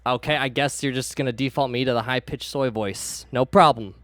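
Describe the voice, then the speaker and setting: A man co-hosts a stream in loose, profane chat that keeps getting animated. His voice sits at a middle pitch. He sounds close to the mic, with no room around him. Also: a little fast, no echo. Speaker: co-host.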